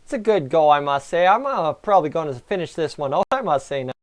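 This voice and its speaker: On the high side and talking fast, this Canadian livestream host reacts to a hockey game with excitable, chatty commentary, addressing his viewers as he goes.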